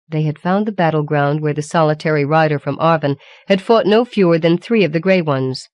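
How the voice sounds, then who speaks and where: A woman reading a fantasy audiobook in a measured, even storytelling manner. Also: sits low, no room sound. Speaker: audiobook reader. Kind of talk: scripted narration.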